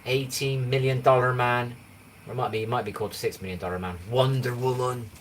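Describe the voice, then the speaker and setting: Heard through a distant mic with faint background noise, a man in his forties chats on a livestream, rambling and asking if you know what he means. He's from England and has an English accent. His voice is medium-pitched and steady in tone, and he talks a little fast.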